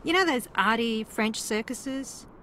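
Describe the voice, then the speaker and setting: An actress voicing a wry, sarcastic female reality-TV contestant from New Zealand in a mystery video game, with a dry, teasing, deadpan delivery. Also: fairly high pitch, a little slow, slight background noise.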